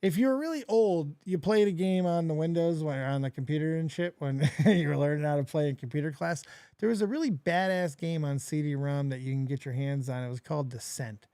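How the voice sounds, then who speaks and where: A man's voice: a little high, fairly quick, dark tone, clear, resonant tone, no echo. A man hosting a casual, crude and mocking reaction commentary. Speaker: host.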